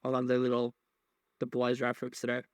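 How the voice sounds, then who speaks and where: A man of middle pitch talks loosely, wandering through his points and dropping curse words along the way. He stumbles over his words, restarts sentences and leans on filler words. The sound is dry and close, with no room around it. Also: monotone, fairly quick, no echo. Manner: rambling, profane, with many fillers and restarts. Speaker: podcast host. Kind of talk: casual wrestling recap chat.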